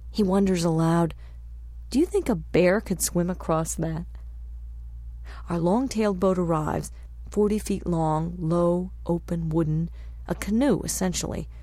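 A woman reading a travel memoir aloud as a narrator, in a measured, descriptive storytelling manner. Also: fairly low pitch, warm tone, no room sound. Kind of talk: scripted audiobook narration.

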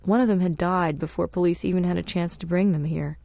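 A woman narrating a travel memoir as an audiobook, in a measured, unhurried reading. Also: lowish voice, steady tone, creaky, warm tone, no room sound.

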